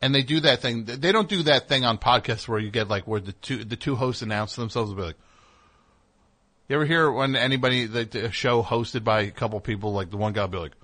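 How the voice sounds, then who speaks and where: A man's voice: mid-range voice, fairly quick, fairly bright tone. Sarcastic, rambling talk show host man. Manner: rambling sarcastic riffing with frequent fillers. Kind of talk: comedic talk show monologue.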